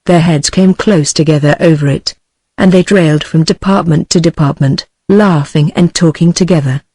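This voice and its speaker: A synthetic woman's voice with a British English accent, reading a novel aloud in a steady, even manner. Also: fairly low pitch, no echo. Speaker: audiobook narrator. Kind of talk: text-to-speech book reading.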